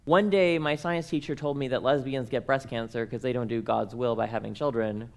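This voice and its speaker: A man's voice: medium pitch, fairly even intonation, a little fast, gravelly. A young man, speaking at a workshop and telling comic personal stories in a playful, self-mocking way, acting out the dialogue.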